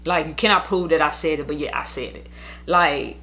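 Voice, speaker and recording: A woman's voice: low-pitched, brisk, bright, forceful tone. A young woman telling her custody story in a casual storytime monologue, blunt, heated and profane, rambling as she goes.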